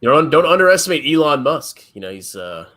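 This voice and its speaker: A man's voice: a little high, very animated, fast, fairly bright tone. A man co-hosting a casual livestream chat, blunt and sarcastic.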